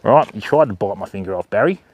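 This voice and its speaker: Chatty Australian man, lively pitch. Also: quick pace, slightly rough, muffled recording. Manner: chatty, greets viewers and coos at animals in a raised voice. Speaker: livestream host. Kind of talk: live-stream walkthrough chatting with viewers. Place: outdoor wildlife park enclosure.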